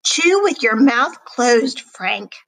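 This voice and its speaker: A woman's voice: on the high side, sing-song, slow pace, a bit bright, full character voice, rough recording. Brash cartoonish spaceman, offhand, bossy, read by a woman. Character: brash male spaceman crew member.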